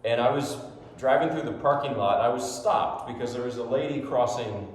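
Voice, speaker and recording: A man from New Jersey, a classical pianist, telling a personal story in an animated way, often laughing as he speaks. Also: medium pitch, moderate pace. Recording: echoey hall, long reverb, faint noise.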